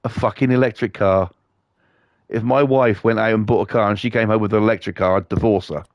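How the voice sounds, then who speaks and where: A man's voice: fairly low pitch, steady tone, a little fast, dry recording, lo-fi sound. A British man streaming a game, ranting bluntly and swearing constantly as he chats to viewers. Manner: profane, blunt, scornful. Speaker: livestreamer.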